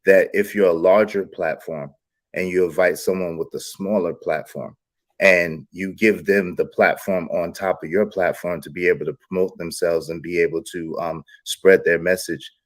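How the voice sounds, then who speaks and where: A man ranting loudly and profanely as a commentator, swinging between shouting and a mocking slow monotone. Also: low-pitched. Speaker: commentator and panel participant. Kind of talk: reaction rant and panel discussion.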